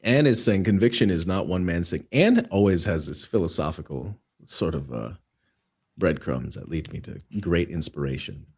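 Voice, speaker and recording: Deep, husky man from Canada. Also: normal speed. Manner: expressive, jokey, philosophical. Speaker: guest. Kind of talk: casual chat.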